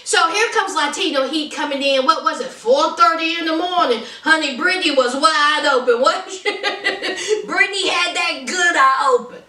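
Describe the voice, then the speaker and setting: A woman giving sassy, animated reality TV recaps full of slang and laughing asides. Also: high-pitched, normal speed. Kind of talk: sassy casual commentary. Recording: roomy, mic at a distance.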